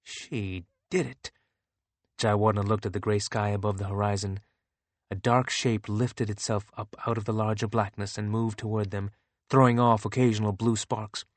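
Low-voiced male audiobook narrator. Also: level tone, normal speed, dry recording.

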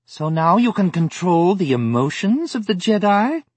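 A man voicing a small feathered female alien creature with a wispy, high, mocking voice in an audiobook. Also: big pitch swings, normal speed, no echo. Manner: mocking, matter-of-fact.

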